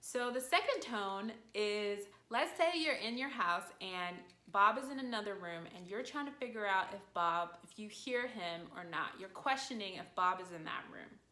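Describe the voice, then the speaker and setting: A woman teaching a video lesson in an animated way, her voice swooping up high when she acts out calling a dog. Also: normal speed, hardly any pauses. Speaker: language teacher. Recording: echoey room.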